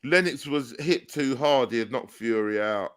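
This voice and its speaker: A man in casual podcast chat, blunt and quick to disagree. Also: mid-range voice, a bit bright, clean tone. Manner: blunt, contrarian. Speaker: podcast co-host.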